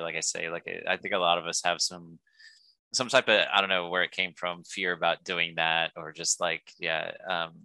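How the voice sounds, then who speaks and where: A man's voice: sits low, pushed and bright, smooth, dry recording, poor audio. A man hosting a podcast interview, talking loosely with many fillers and restarts while agreeing with his guest. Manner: rambling, many fillers and restarts, encouraging backchannels. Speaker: podcast host. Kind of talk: casual conversational interview.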